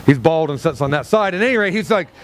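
A male pastor preaching a sermon from a low stage in a church, animated and joking with the congregation. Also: fast talker, a little hiss or hum. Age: older than 37. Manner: animated, humorous, talks straight to the congregation.

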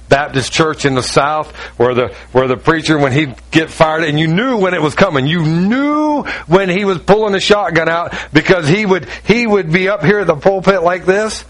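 A middle-aged man preaching a sermon, high-strung and animated, telling stories with quick asides. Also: poor audio. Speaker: pastor.

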